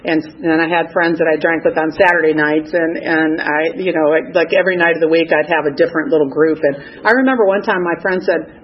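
A woman's voice: deep voice, fairly even intonation, brisk, hardly any pauses, dull audio, slight background noise. A woman in her sixties giving a frank, rambling personal testimony at a recovery meeting, full of fillers and restarts. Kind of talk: personal testimony, casual storytelling.

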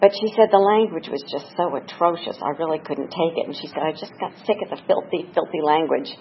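A woman's voice: low voice, fairly quick, highs cut off, a little hiss or hum. A woman speaking at a memorial gathering, telling candid, earthy stories and sometimes tearful. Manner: candid, laughing, earthy anecdotes. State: tearful at times. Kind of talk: personal eulogy storytelling.

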